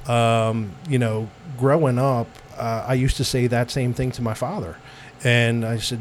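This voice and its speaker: A man's voice: medium pitch, flat delivery, measured pace, a little hiss or hum. A middle-aged American man chatting as an interview guest, rambling with lots of fillers and restarts and laughing often. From United States. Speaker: guest, Italian-American club president. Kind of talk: casual interview chat.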